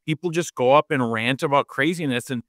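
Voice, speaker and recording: A male panelist gives wry, opinionated remarks in a casual discussion. His voice sits at a medium pitch. The sound is dry. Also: a little fast, fairly bright tone, dry recording.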